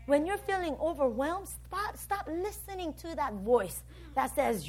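A woman preaching a sermon, animated, swinging between loud bursts and soft, low stretches, and acting out the voices of other people as she teaches. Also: measured pace. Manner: plays out voices of a nagging map and a complaining listener.

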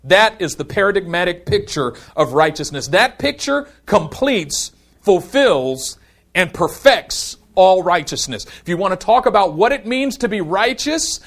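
A man preaching a sermon in an emphatic style. He slows down to dwell on scripture and climbs higher and louder through lists of words. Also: sing-song.

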